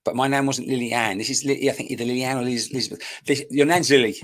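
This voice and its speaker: A man's voice: mid-range voice, steady tone, very fast. Chatty man giving a live reading. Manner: chatty, searching, talks straight to viewers by name. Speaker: psychic medium. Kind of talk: live-streamed mediumship reading. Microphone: computer microphone.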